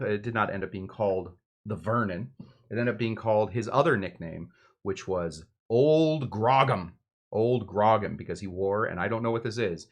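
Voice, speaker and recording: A man hosting a cocktail show, talking casually in a rambling way, interrupting himself with jokey asides. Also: medium pitch. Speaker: host of a drinks show.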